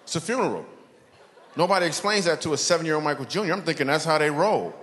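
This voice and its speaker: A man performing a stand-up comedy set, telling animated stories and acting out characters. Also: a little high, fast. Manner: animated storytelling, acts out characters. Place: church hall with a live audience. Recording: long hall reverb, audience noise.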